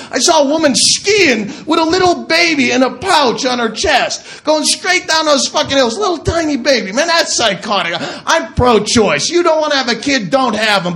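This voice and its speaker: A male stand-up comedian doing a shouted, mock-nostalgic rant on stage, recorded live in a comedy club. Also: extremely high pitch, creaky, slight background noise. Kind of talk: stand-up routine. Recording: live club set with crowd laughter.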